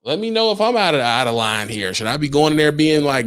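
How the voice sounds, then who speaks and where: A man's voice: fairly high pitch, lively intonation, a little fast, few pauses, fairly bright tone. A young adult man, a truck driver, talking casually on a livestream, firing emphatic rhetorical questions at his viewers.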